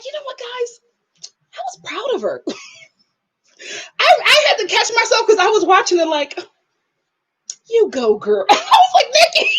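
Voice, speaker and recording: Woman, young adult, high voice, casual TV review chat, animated, laughing. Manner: animated, laughing, acts out quotes. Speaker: reality TV review host.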